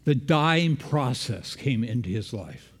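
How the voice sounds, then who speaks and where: A man's voice: mid-range voice, lively intonation, takes it slowly, slightly rough. Man, preacher, sermon, questions the congregation, echoing church hall. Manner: engaging, quizzes the congregation.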